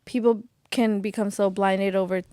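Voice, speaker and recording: A woman's voice: mid-range voice, moderate pace, dry recording, clean studio sound. A young woman co-hosting a podcast, blunt and profane, chatting casually and laughing a lot. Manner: blunt, swears freely, animated, laughs a lot. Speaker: podcast co-host. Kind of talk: casual chat.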